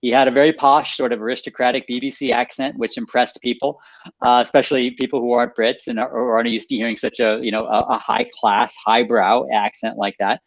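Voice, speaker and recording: A man, an author guest in a radio interview, animated as he explains a story, restating points and laughing lightly. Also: medium pitch, brisk, no echo, lo-fi sound.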